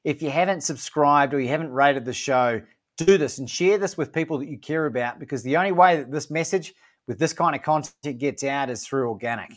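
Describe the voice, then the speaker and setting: A man's voice: fairly high pitch, fairly quick. An Australian man, a guest author and podcaster, talking in an upbeat, emphatic way in a casual interview.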